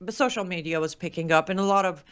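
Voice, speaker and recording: A woman's voice: lowish voice, a bit bright, clear, resonant tone, muffled recording. A woman from Iran with an Iranian accent, hosting a live commentary show and reading viewer comments with passion and emotion. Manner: impassioned, emotional, rapid restarts. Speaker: show host.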